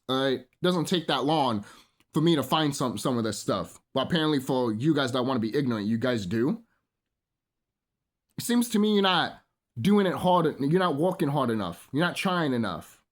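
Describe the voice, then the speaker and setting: A man's voice: mid-range voice, expressive, normal speed. A man ranting in a solo monologue, profane and rambling, full of fillers, preaching to his listeners as brothers and sisters. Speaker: vlogger.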